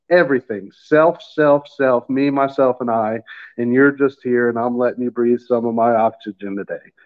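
A man in middle age telling his faith story in casual chat, halting and repeating words as he gets emotional. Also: medium pitch. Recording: phone-line sound.

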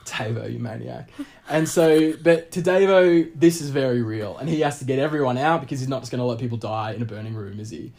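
A man from Australia, telling a travel story in casual chat, animated and rambling with lots of fillers and restarts. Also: medium pitch, fairly quick, creaky. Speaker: guest storyteller.

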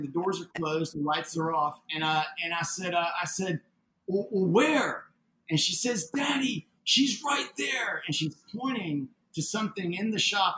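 A man telling a story in a casual interview, animated and acting out the voices of the people in it. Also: on the high side, roomy sound, slight background noise, poor audio. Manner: animated, acts out quoted dialogue. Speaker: interview guest, building owner.

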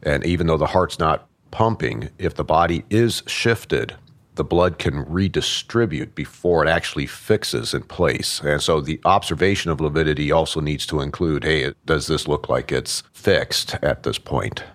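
Extremely deep male voice, instructive case analyst. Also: normal speed. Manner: methodical and instructive. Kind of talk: analytical commentary.

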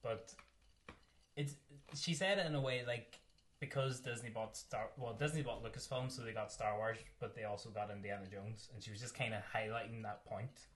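A man's voice: on the low side, moderate pace, fairly bright tone. A man co-hosting a podcast, chatting casually about films, rambling and laughing often. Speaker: podcast co-host. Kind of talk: casual film chat.

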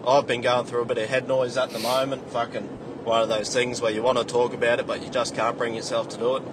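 A man's voice: medium pitch, flat delivery, fast talker, noisy background. A man leaving a ranting voice message, swearing constantly as he tells a story. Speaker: caller sending a voice message. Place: in a car on the way to work.

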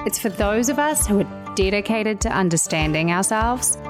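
A woman's voice: mid-range voice, animated, moderate pace. A woman hosting a podcast, upbeat and earnest, reading her intro and then interviewing a guest. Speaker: podcast host. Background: music.

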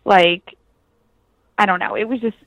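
A woman's voice: mid-range voice, fairly even intonation, unhurried, vocal fry, fairly bright tone, no echo, low-quality recording. A woman co-hosting a casual podcast, chatting and adding her own recollections. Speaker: podcast co-host. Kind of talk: casual chat.

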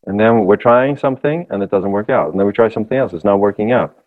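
A man talking as a voice coach in a podcast conversation, explaining with animated, lively demonstrations. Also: fairly low pitch, fast, narrow, tinny audio.

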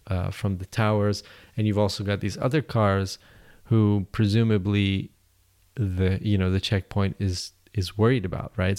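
Very deep-voiced man telling a travel story. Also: a little mellow. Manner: rambling, lots of fillers and restarts. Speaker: podcast host.

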